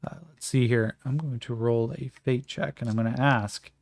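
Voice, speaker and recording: A man narrates a solo tabletop game, casually thinking aloud between rolls. His gravelly, mid-pitched voice is recorded close and dry. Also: steady tone, normal speed, a little mellow, dry recording.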